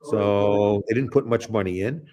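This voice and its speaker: Rambling blunt man, low voice. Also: measured pace, dark tone. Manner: rambling, many restarts and fillers; blunt and profane. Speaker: show host. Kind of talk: casual political talk.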